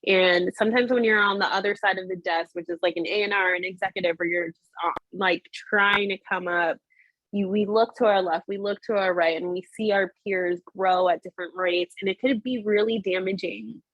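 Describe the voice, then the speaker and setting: Woman in her thirties, music executive, breathy voice, dry close sound, earnest, chatty with fillers. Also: mid-range voice, fairly even intonation, brisk, a bit bright, no room sound, muffled recording. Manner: earnest and emotional, many "like" fillers. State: tearful, voice breaking. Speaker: music industry executive, guest. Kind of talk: candid interview conversation.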